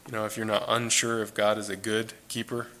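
Man, Bible teacher, low flat voice, bright tone, earnest and conversational. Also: a little fast. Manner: earnest, conversational, repeats phrases for emphasis.

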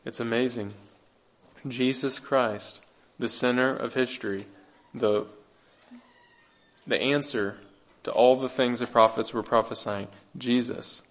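A man's voice: mid-range voice, steady tone, takes it slowly. A man preaching a sermon, earnest and emphatic, repeating phrases and asking his listeners rhetorical questions.

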